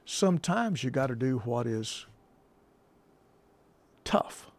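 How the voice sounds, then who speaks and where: A gravelly man hosting a talk radio show. He speaks at an average pitch, folksy and emphatic, and hammers his points home by repeating them. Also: sing-song, takes it slowly, pauses often, a little mellow. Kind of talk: political talk radio commentary.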